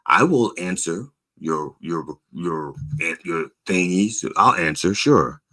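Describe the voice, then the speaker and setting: A man hosting his own show, telling stories in a lively, wandering way. His fairly low voice has a bright, forceful edge and swoops high and low as he acts out both sides of a phone call. He often repeats himself and starts over mid-sentence. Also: slow pace. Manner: repeats words and restarts often. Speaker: host. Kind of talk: casual monologue.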